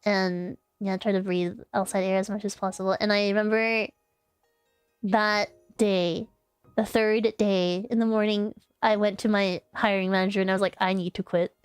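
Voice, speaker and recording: A woman's voice: mid-range voice, little pitch movement, moderate pace, clear, resonant tone, no room sound, faint music behind. A young woman streamer telling a story in casual chat, rambling with lots of fillers and restarts.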